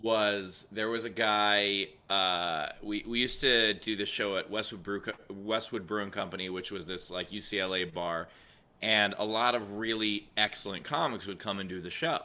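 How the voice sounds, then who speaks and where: A male comedian co-hosts a podcast, telling a story with animated energy. His voice is bright and forceful. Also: fairly low pitch, moderate pace. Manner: animated storyteller, laughs often. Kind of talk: casual anecdote telling.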